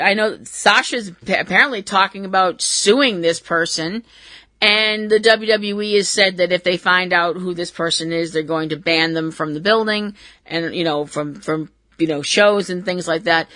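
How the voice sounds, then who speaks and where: A woman's voice: lowish voice, steady tone, moderate pace, bright, forceful tone, no room sound. A woman hosting a wrestling podcast, talking casually in a blunt, sarcastic way and swearing freely. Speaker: podcast host.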